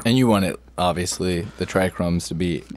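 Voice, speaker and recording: A man's voice: low voice, normal speed. A man co-hosting a podcast, chatting casually and teasing the callers. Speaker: podcast host. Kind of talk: casual chat.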